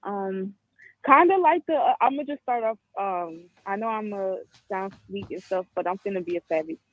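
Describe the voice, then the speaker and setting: A woman in her twenties from the Caribbean, calling in to a talk show and giving blunt, frank opinions with many halting restarts over a phone line. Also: mid-range voice. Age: 20s. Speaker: caller. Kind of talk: call-in commentary. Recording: tinny dry phone line.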